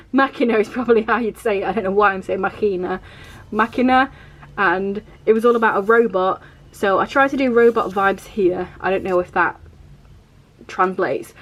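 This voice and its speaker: A woman talks casually in a vlog as she flips through her journal. She rambles a little and leans on filler words. Her pitch sits in an ordinary middle range. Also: highs cut off. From England. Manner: chatty, rambling, uses filler like "like" and "vibe". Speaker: vlogger.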